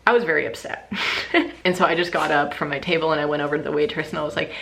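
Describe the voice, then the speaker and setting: A woman's voice: low-pitched, fairly even intonation, very fast, creaky, a bit bright, a little hiss or hum. A young woman vlogging casually to her camera indoors at night, telling stories in a chatty way full of fillers. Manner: chatty, filler-heavy storytelling. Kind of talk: casual vlog talk to camera. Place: indoors at a rented cabin at night. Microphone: handheld camera.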